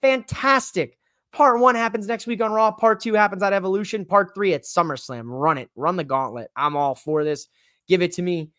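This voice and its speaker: A man hosting a live-streamed podcast in a casual, excitable, rambling way, with emphatic bursts. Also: high-pitched, normal speed, dry recording, studio quality. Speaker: podcast host.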